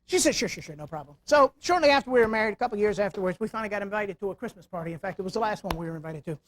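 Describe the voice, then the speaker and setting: A middle-aged man giving a security awareness talk with humor to a live audience, animated, telling stories and tossing rhetorical questions at the crowd. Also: high-pitched, racing. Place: meeting room before live audience.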